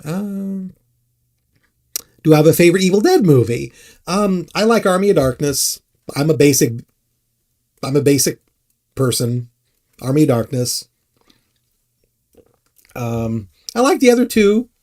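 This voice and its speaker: A man casually answering chat on a live stream, rambling and halting, often self-deprecating. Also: on the high side, warm tone, no room sound, studio quality.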